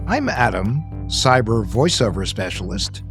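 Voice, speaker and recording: A man's voice: on the low side, a little slow, music in the background. A man hosting a podcast about hackers and scams, bantering playfully and then interviewing his guest. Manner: playful, lively host banter. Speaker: host.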